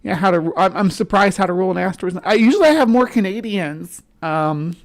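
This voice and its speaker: A woman's voice: medium pitch, brisk. Rambling woman hosting a livestream. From central United States, between the South and upper Midwest. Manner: rambling, self-interrupting, chats with viewers. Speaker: livestream host. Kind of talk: casual live-stream chat.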